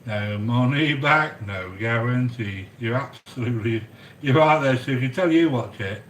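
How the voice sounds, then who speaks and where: A man hosting a chatty cooking stream from a home kitchen, rambling excitedly and answering viewers by name. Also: medium pitch, unhurried. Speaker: cooking video host. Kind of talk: chatty cooking livestream monologue. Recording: echoey room with faint background noise.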